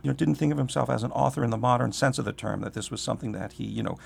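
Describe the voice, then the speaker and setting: A man's voice: medium pitch, fairly even intonation, gravelly, husky. A middle-aged man, a literature professor, talking in a thoughtful, digressive way in an interview, his voice a little scratchy. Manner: thoughtful, digressive, slows to read aloud. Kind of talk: conversational interview.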